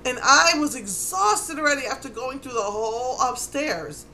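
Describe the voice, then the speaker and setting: Bright-voiced Puerto Rican New Yorker woman. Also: high voice, normal speed, a little hiss or hum. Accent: New York Puerto Rican. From New York. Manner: animated, exasperated, acts out quotes. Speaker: vlogger. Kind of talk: casual storytelling.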